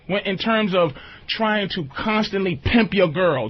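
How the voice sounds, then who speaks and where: Speaking at a normal speed in a high voice, a man hosts a radio talk show, joking loosely and frequently checking whether the listener understands. The sound is a lo-fi radio recording.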